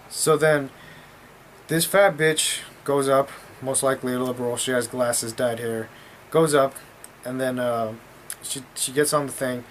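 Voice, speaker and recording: A man's voice: mid-range voice, fairly even intonation, unhurried, a bit bright, a little hiss or hum. A man telling a story in a casual vlog, talking in a blunt, profane, rambling way.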